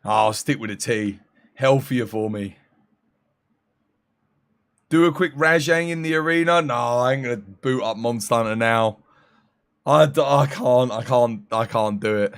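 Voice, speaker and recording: A man with a mid-range voice chats casually with his live-stream viewers, tired and with his voice fading after eighteen hours. He jokes and thanks people by name in a weary, drawn-out way.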